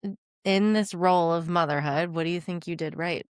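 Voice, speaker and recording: A woman hosting a podcast, gently prompting her guest and laughing often. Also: fairly low pitch, fairly even intonation, fairly quick, smooth, dry recording, clean studio sound. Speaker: podcast host. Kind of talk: casual interview. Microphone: podcast mic.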